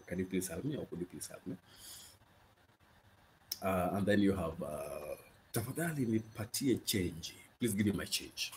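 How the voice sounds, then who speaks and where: Man, very low voice, patient language teacher, slow repetition, faint background hiss. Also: expressive, a little mellow. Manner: patient, repeats phrases slowly with many okays. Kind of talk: casual spoken language lesson.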